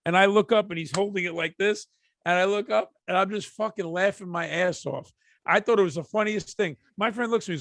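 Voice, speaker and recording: A man's voice: high-pitched, a little fast, a bit bright. A man co-hosting a podcast, telling crude stories casually, laughing at them and chiming in with jokes. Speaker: podcast co-host. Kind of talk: casual profane storytelling.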